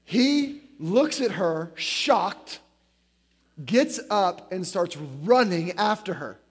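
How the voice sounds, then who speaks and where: Guy preaching a sermon, kinda high voice, chatty, says like a lot, tells stories. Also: drawn-out words, breathy edge. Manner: conversational, many "like" fillers, animated storytelling. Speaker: guest preacher.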